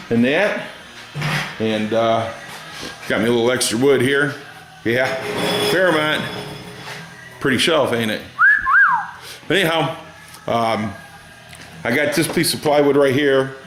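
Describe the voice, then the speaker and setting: In his home garage, a middle-aged hobbyist vlogger chats casually, rambling through a story in a folksy drawl. His voice is mid-range, and the room is echoey.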